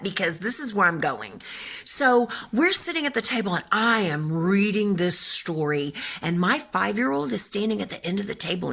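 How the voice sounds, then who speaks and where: Older woman, bright tone, animated, chatty, storytelling. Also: mid-range voice, vocal fry. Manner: animated, chatty, acts out voices. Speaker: children's book author. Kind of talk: casual storytelling talk.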